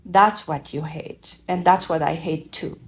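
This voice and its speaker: Woman from afghanistan telling her story, slow and thoughtful, lots of pauses. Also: deep voice, steady tone. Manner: slow, reflective, halting phrasing. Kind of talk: personal testimony.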